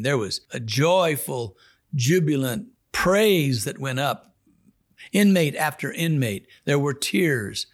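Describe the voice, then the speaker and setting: Earnest man telling a sermon story. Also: mid-range voice. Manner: earnest, folksy storyteller who acts out dialogue. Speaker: prison chaplain telling a story.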